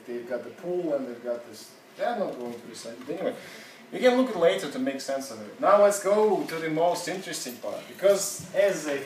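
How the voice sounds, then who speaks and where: A man teaching an English seminar in a chatty, laughing, halting way. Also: medium pitch, a little hiss or hum. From Russia. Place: classroom. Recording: roomy classroom, mic far off.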